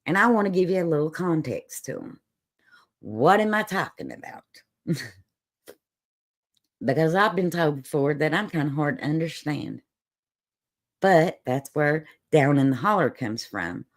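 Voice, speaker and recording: Appalachian Southern woman, livestream host, low-pitched voice that swoops with lively melody, unhurried folksy sass. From Southern United States, Appalachian holler. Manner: folksy and sassy, laughs often. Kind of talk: casual chat on a livestream.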